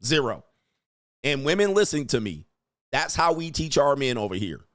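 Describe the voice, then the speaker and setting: A man in the middle of his range, reacting to clips in a blunt, emphatic and profane way. His delivery is forceful and repetitive. The sound is dry and close, with no room echo. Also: medium pitch, very animated, moderate pace. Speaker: commentary host and coach. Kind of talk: reaction commentary.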